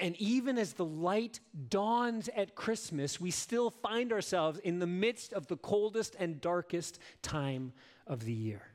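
Male pastor, sermon delivery, earnest and emphatic, slightly high voice, lots of rhetorical questions.

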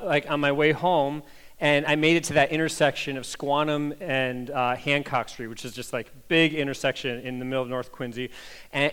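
A man from the American Midwest, a pastor preaching a conversational sermon with animated storytelling, full of "like" and "right?". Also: a little high, clean tone.

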